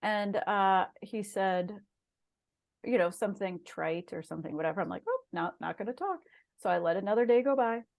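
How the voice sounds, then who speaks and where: A woman's voice: mid-range voice, normal speed, vocal fry, darkish tone. A middle-aged woman, a guest on an interview show, earnestly telling a personal story in casual conversation. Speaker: guest, shaman and massage therapist.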